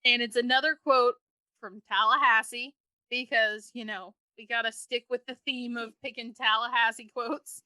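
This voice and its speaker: A woman co-hosting a podcast, telling stories in an animated, casual way. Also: fairly high pitch, moderate pace, no room sound. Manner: animated storyteller. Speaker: podcast co-host.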